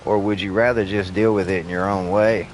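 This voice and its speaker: A man with a lowish voice rants as he plays through a game, swearing freely and wandering from point to point. His talk is heated and unscripted, with a faint hiss of noise underneath. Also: steady tone, a little fast. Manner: heated, profane, rambling rant. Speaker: gaming streamer. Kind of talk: ranting commentary while playing a game.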